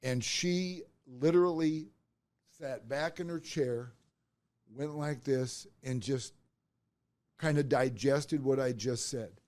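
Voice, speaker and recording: A man's voice: medium pitch, takes it slowly, no echo. A middle-aged man, a podcast host, telling a personal career story and acting out the voices of the people in it. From Nebraska. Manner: animated, acts out quoted voices.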